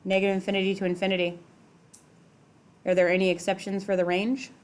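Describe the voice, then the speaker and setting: A woman's voice: mid-range voice, flat delivery, quick pace, a little mellow, smooth. A middle-aged woman teaching a math class in a classroom, talking casually, using "like" a lot and asking the students questions. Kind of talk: classroom lecture.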